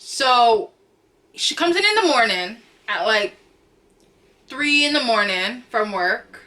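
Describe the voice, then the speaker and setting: Young woman vlogger, bright voice, lively slangy storytime delivery, home camera setup. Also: a little high, slow pace. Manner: animated, chatty, slangy, repeats phrases for emphasis; acts out quotes with loud cries. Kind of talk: storytime vlog.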